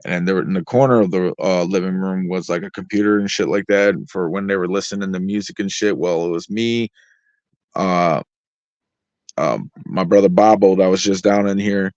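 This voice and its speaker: A man's voice: low-pitched, fairly even intonation, moderate pace, a little mellow, no room sound. A man, the guest artist in an interview, tells stories casually, swearing heavily and rambling through plenty of fillers. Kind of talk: casual storytelling. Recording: dry, slightly dull lo-fi sound.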